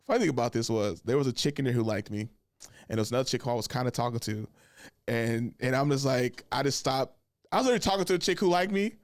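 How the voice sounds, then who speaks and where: A young man hosts a podcast and tells a rambling story, saying "I was like" over and over and acting out what other people said. He talks fast. The sound is dry and close to the mic. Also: mid-range voice, dry recording. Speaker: podcast host. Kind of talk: casual storytelling.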